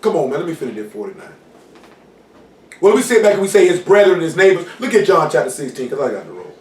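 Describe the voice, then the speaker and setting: A man preaching an informal sermon in street slang, often asking "you know what I'm saying" and shouting for emphasis. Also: on the high side, very animated, fast talker. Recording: roomy hall, mic far off, faint noise.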